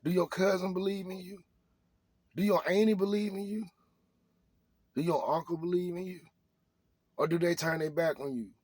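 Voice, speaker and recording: A man, preaching at his audience in a loud, repetitive rant. His voice sits a bit higher than most men's, and the recording is dry and close with no room sound. He drives his point home with one rhetorical question after another. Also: slightly rough, no echo. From Arkansas. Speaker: vlogger. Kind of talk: motivational rant to camera.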